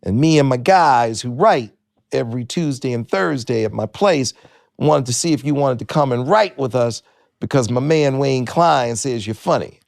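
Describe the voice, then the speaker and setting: A man doing an impression of a famous male sitcom comedian, with a drawn-out, laid-back delivery. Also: medium pitch, animated, gravelly, a little mellow, no echo, studio quality, pitched above the performer's own voice. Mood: cocky.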